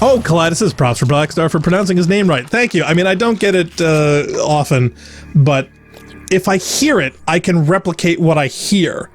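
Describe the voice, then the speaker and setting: A man's voice: on the high side, lively intonation, moderate pace, faint music behind. A man hosting a let's play, chatting casually, laughing often and reading viewer comments aloud. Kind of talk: casual gameplay chat.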